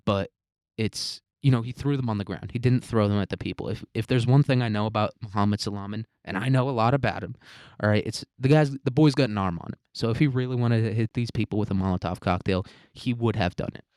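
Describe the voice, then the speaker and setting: A man's voice: on the low side, fast, darkish tone, clear, resonant tone, no room sound, studio quality. A man hosting a solo commentary podcast, rambling, sarcastic and heavy on swearing. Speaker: podcast host.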